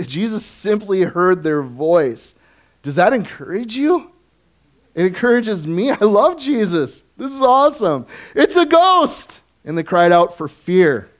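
A male pastor with a fairly high voice delivers an animated sermon, posing questions to the congregation and chuckling often.

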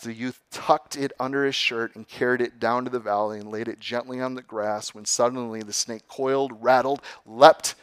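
Slow-speaking pastor, dry close sound. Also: male voice, medium pitch, dry recording. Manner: slow storytelling, then hushed prayer. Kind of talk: sermon storytelling and prayer.

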